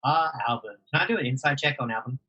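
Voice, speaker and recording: A man's voice: medium pitch, fast talker, pushed and bright, muffled recording. Hesitant man playing a tabletop game. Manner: hesitant, many fillers. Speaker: player. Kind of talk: casual tabletop play.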